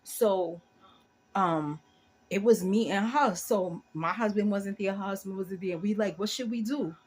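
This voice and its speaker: Chatty African American woman vlogger, husky. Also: medium pitch, unhurried. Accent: African American English. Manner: chatty, animated retelling with quoted dialogue. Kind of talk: casual storytelling to viewers.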